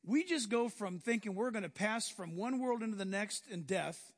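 Male preacher, animated sermon delivery, voice pitched very high, recorded with long hall reverb. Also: moderate pace, breathy edge. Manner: animated, acts out biblical scenes in voices.

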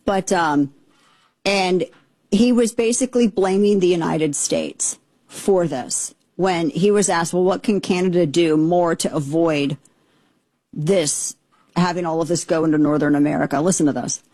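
Indignant woman host, lowish voice, dry close sound, exasperated rambling commentary. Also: measured pace, mellow, no room sound. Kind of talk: opinionated commentary.

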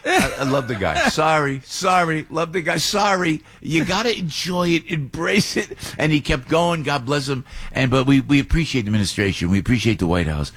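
A middle-aged man hosts a talk radio show, his husky voice jumping around as he tells a rambling story. His sound is dry and close, with no room around it. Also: a little high, moderate pace, dry recording. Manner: excitable, rambling, acts out other voices. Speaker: radio host.

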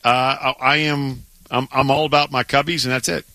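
A man co-hosting a sports radio show, chatting with lots of excitable restarts and stammers. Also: medium pitch, moderate pace, no room sound. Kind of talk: casual sports radio banter. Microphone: studio microphone.

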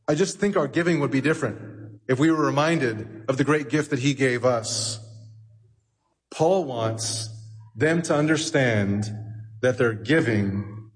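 A pastor preaching a sermon in a church, emphatic and repeating phrases for effect. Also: male voice, medium pitch, slightly rough. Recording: long hall reverb.

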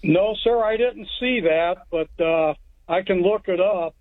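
Over a tinny phone line, a man calling from Texas tells a plainspoken, rambling story, restarting his sentences as he goes. His voice sits high, his pace is measured, and the recording is dry.

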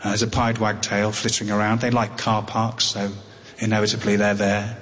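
A man's voice: on the low side, completely flat delivery, fairly bright tone. Wry English man in a reverberant hall. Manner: halting, wry, with many restarts. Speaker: storyteller on tour. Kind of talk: live spoken storytelling. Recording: long hall reverb, faint noise.

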